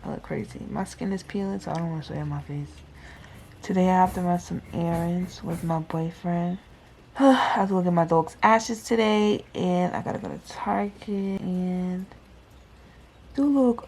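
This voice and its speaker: A woman's voice: lowish voice, normal speed, a little mellow. A young woman in her twenties chatting casually to viewers in a vlog while running errands, filming on a handheld camera. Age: 20s. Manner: chatty, addresses viewers as y'all. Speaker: vlogger. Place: out running errands, car and stores. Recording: camera audio with clear background noise.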